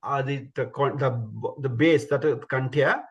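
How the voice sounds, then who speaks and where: A man's voice: medium pitch, measured pace, highs cut off. A man teaching Sanskrit pronunciation in an online class, patiently repeating sounds as demonstrations.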